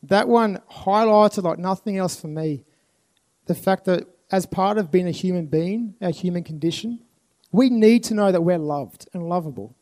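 A man's voice: high voice, moderate pace, a little mellow. A man giving a live motivational talk to a festival audience, earnest and repeating phrases for emphasis. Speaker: speaker at a youth festival. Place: live event venue with an audience.

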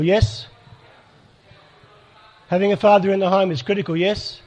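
A man's voice: sits high, steady tone, moderate pace, pauses often, a little mellow. A man leading a live church workshop, speaking directly to the crowd and asking people to raise their hands. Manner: pastoral and direct, asks audience for hands up. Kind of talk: live workshop talk to an audience.

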